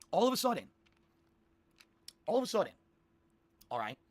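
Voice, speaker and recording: A man telling a long rambling story to his stream viewers, animated and repeating himself. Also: high-pitched, a little slow, creaky, dry recording.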